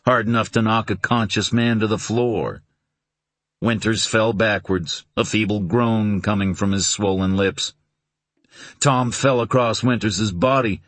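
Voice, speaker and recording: Low-voiced male audiobook narrator. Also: a bit bright, no echo. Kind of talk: scripted narration.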